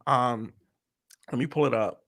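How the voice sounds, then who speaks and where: A man's voice: mid-range voice, a little slow. Chatty podcast co-host, man. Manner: animated storytelling with many fillers. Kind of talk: casual chat.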